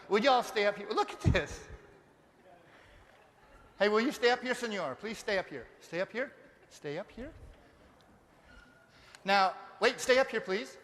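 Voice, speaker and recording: A man from Denver giving a live motivational seminar, energetic and firing rhetorical questions at the audience. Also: high-pitched, slight background noise. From Denver, Colorado. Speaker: motivational speaker. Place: large seminar hall. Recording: long reverb of a live hall.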